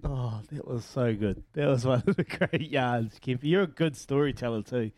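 A man's voice: mid-range voice, moderate pace, a little mellow, slight background noise. A man hosting breakfast radio, wrapping up a story and announcing what's next. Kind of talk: radio host chat.

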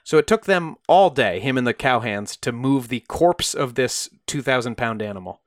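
A man's voice: medium pitch, lively intonation, normal speed, dry recording, studio quality. A man co-hosting a podcast, telling a true crime story in a casual, conversational way and briefly acting out the quoted voices.

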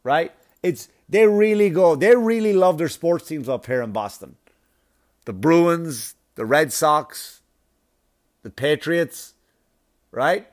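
A man doing stand-up, telling a long story in a profane, animated way with laughing asides. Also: fairly high pitch, slow pace. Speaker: comedian.

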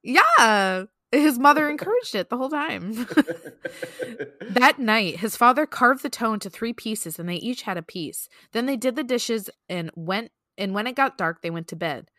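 A woman co-hosting a podcast chats casually, giggles, and reads creepy stories aloud with playful drama. Her voice is a little high and sharp-toned, with big pitch swings and a moderate pace, recorded clean in a studio with no room sound.

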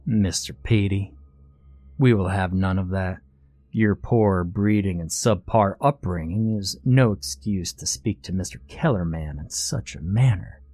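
A man plays a courtly, pompous servant of a dark king in a scary storybook reading, every word measured and formal. The voice is low and mellow, close and dry. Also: no echo. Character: smooth, formal male servant of a sinister king.

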